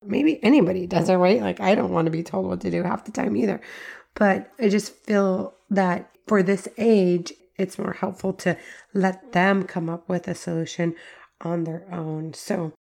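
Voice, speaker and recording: Gravelly-voiced woman hosting a parenting podcast. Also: lowish voice, steady tone, moderate pace, darkish tone. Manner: conversational, frequent "like" fillers. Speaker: podcast host. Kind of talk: instructional parenting talk.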